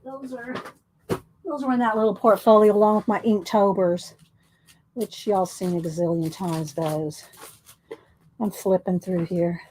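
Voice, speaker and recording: A woman's voice: mid-range voice, fairly even intonation, unhurried, long pauses, mellow, slight background noise, poor audio. A woman chatting casually and rambling while she flips through her artwork, a little out of breath. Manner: chatty, rambling, says y'all. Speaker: artist vlogger.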